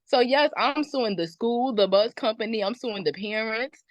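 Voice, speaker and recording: A woman's voice: fairly high pitch, expressive, normal speed, no room sound, lo-fi sound. A woman on a podcast panel, talking casually in a rambling storytelling way with lots of fillers. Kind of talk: casual chat.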